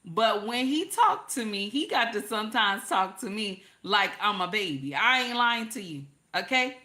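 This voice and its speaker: Bright-voiced older woman live-streaming advice. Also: mid-range voice, big pitch swings, normal speed. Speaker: content creator hosting a live stream. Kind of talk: casual live-stream talk giving relationship advice.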